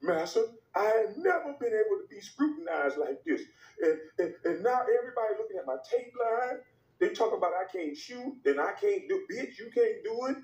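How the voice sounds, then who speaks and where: A man's voice: lively intonation, brisk, a little mellow, roomy sound, distant mic, dull audio. A man doing an impression of a frantic male TV sports pundit who stammers and whines, in a comedy skit. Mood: whining pleading. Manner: high-pitched, whiny, stammering.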